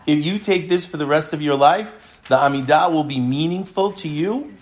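At a moderate pace, a man teaches a Torah lesson in a classroom, explaining with earnestness through rhetorical questions and frequently dropping into a low, intense voice.

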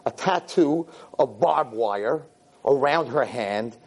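Animated rabbi telling a story. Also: male voice, takes it slowly, breathy edge. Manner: acts out dialogue with big pitch jumps, sprinkles Yiddish and Hebrew words. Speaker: rabbi, convention speaker.

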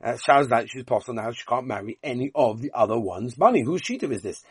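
A man's voice: medium pitch, animated, fast, slightly rough, no room sound. A man leading a Talmud class, reading the Aramaic text aloud and explaining it in with frequent questions. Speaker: Talmud teacher.

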